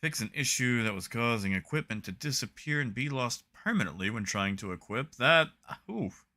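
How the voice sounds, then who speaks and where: A man's voice: medium pitch, expressive, moderate pace, bright, forceful tone. A young man streaming a video game, chatting casually with his viewers and reading patch notes aloud with dry, wry jokes. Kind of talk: casual live-stream chat.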